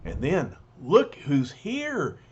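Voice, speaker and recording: A man narrating a comic book read-aloud at a slow, unhurried pace. His pitch is raised and swings lively, with chatty asides. The recording sounds dull and lo-fi. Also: husky. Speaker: reader.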